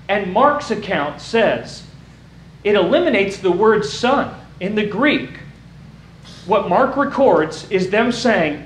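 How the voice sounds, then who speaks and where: A man preaching a sermon to his congregation, animated and rising to shouts for emphasis. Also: high voice, slow, slight background noise. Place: church sanctuary. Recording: roomy church sound.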